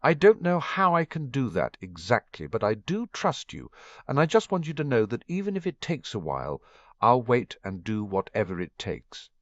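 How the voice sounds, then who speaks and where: A man's voice: mid-range voice, huge pitch swings, moderate pace, a bit bright, no room sound, pitched above the performer's own voice. Guy reading as a sincere teen boy, earnest and apologetic, bit raised, dull sound. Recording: dull, muffled dry recording.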